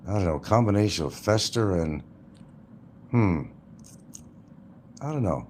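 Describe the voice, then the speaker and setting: A man's voice: deep voice, expressive, measured pace, darkish tone, slight background noise. An older man hosting a livestream, rambling and mocking with crude, casual talk. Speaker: livestream host.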